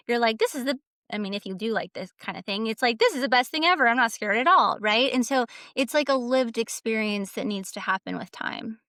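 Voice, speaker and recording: A woman's voice: a little high, a bit bright, dry recording, clean studio sound. A woman talking as a guest coach on a podcast, earnest and emphatic, stacking repeated phrases as she makes her point. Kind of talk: casual podcast conversation.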